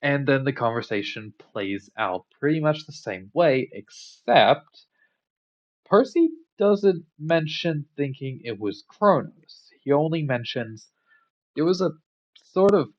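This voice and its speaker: Chill guy rambling thru a story retelling, mid voice, kinda muffled audio. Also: mid-range voice. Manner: relaxed, rambling, filler-heavy. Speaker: commentator. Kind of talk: casual storytelling commentary.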